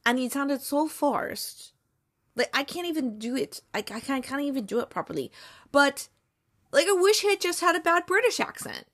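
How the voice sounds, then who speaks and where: A woman's voice: high voice, very animated, normal speed, fairly bright tone. A woman hosting a movie review show, chatting casually in a rambling, sarcastic way with lots of fillers. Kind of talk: casual chat.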